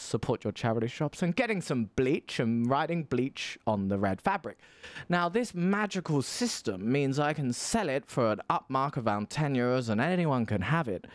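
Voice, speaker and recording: A man's voice: mid-range voice, dry recording. A man who performs as a drag queen, talking in a rambling, campy, theatrical way and calling people darling. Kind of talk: casual interview chat. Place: indoors, seated.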